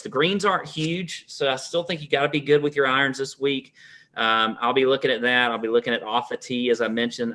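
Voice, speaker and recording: Bright-voiced man giving a brisk rundown. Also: mid-range voice. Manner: runs through course facts in a brisk rundown. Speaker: podcast co-host. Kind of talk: casual fantasy golf preview chat.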